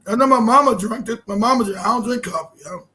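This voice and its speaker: A man hosting a casual podcast chat, joking loudly and slipping into shouted scolding voices. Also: very high-pitched, fast talker, a crowd in the background. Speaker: host.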